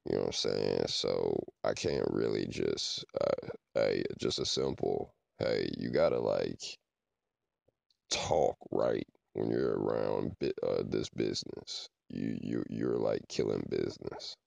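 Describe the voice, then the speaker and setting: A man's voice: a bass voice, slow pace, vocal fry, a little mellow, dry recording. A man hosting a podcast, talking casually in a rambling way and often checking in with "you know what I'm saying". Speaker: podcast host. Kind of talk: casual monologue.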